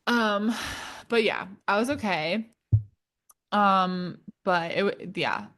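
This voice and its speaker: A young woman co-hosting a podcast, telling a story in animated, casual chat and laughing often. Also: medium pitch, slow pace. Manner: animated, laughs often, quotes people in playful voices. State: tired and shaken. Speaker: podcast co-host.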